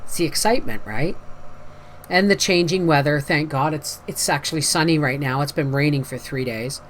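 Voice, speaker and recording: A woman's voice: deep voice, normal speed, slight background noise. Chatty woman vlogger telling a story. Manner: chatty storyteller, acts out voices in her anecdotes. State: tired after a migraine night. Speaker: homestead vlogger. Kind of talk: casual chat to camera.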